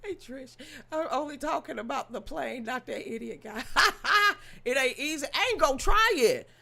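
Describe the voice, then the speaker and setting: A woman's voice: high-pitched, expressive, moderate pace, creaky, bright, forceful tone. A woman hosting a livestream, chatting casually and joking with her viewers, with laughing asides. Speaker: livestream host.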